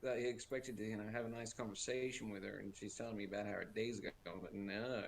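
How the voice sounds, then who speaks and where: A man chatting on a stream, rambling and crude and quick to laugh. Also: lowish voice, steady tone, creaky, slight background noise. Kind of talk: casual chat.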